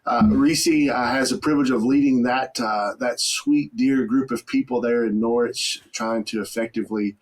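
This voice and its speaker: A man talks casually as a podcast guest, folksy and joking. His voice sits in an ordinary middle pitch. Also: fairly even intonation, moderate pace, hardly any pauses. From Mississippi, USA.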